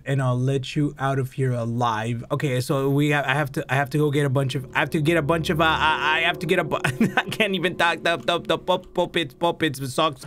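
A man's voice: fairly high pitch, fairly bright tone, a little hiss or hum. A young Mexican man with a Mexican accent, hosting a horror game playthrough, jumpy, swearing and switching languages, shrieking when startled. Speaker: gaming host. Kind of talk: excitable horror gameplay commentary.

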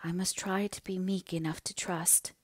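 A woman reading the lines of a gentle young heroine grieving over her mother, in a subdued, earnest tone. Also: mid-range voice, normal speed, no echo, close to an everyday voice. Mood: tearful.

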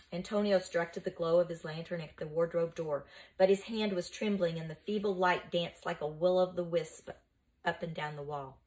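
A woman's voice: fairly low pitch, fairly even intonation, moderate pace, darkish tone, rough recording. A woman reading a children's novel aloud, telling the story steadily and expressively. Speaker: reader of a children's book.

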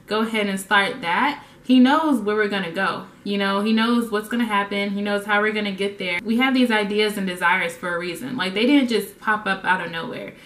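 Woman, casual faith vlogger, animated storytelling, echoey room. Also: medium pitch. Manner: playful, acts out scenes with funny voices. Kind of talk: casual devotional talk. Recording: roomy echo.

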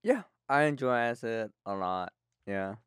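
Brief: young guy, podcast guest, unhurried rambling storyteller, smooth and close. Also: medium pitch, expressive, no echo. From Texas. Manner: halting, laid-back, lots of "like" fillers. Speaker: comedian and rapper, podcast guest.

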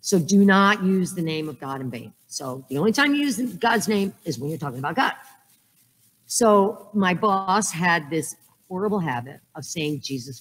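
A woman in her fifties tells funny stories to a conference crowd, tagging her points with a quick "right?". Her voice sits a little low. The sound rings with the long reverb of a large hall. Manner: joking storyteller, frequent "right?". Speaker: conference speaker. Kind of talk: humorous talk.

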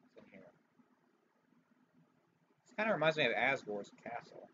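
A man giving casual gameplay commentary, swearing and reacting loudly to what happens, with game music behind. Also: medium pitch, sing-song, moderate pace, dull audio, noisy background. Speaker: let's player.

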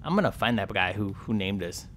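A man's voice: on the low side, animated, a little fast, fairly bright tone. A man voicing a sulky young male sperm whale who mutters and complains about being teased. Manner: mopey, muttering, self-pitying. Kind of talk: playful game commentary role-play.

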